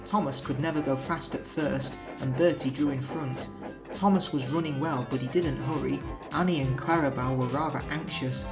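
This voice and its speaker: Brief: gentle storybook narrator, man, mid pitch, soft music under. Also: steady tone, moderate pace, poor audio. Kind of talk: children's storybook reading.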